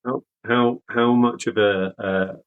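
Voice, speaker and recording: A man from the UK, a veteran guest, speaking candidly in an interview with halting, repeated words. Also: mid-range voice, fairly even intonation, clear, resonant tone, narrow, tinny audio. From United Kingdom.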